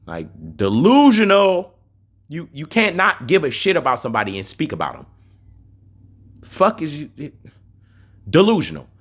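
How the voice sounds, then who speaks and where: A man's voice: fairly high pitch, wildly swooping pitch, moderate pace, pauses often, fairly bright tone, breathy edge. A man streaming a game, ranting with mockery and profanity and repeating his points for emphasis. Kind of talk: heated rant over game messages.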